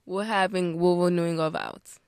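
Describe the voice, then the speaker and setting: A fourteen-year-old girl joking deadpan as a guest on a casual podcast. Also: lowish voice, normal speed, clear, resonant tone, dry recording, studio quality. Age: teens. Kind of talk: casual teen podcast chat.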